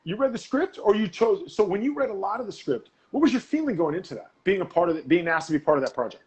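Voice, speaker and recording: A man's voice: high-pitched, big pitch swings, fast, darkish tone, poor audio. A man hosting a casual interview, chatty and eager with his questions. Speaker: host.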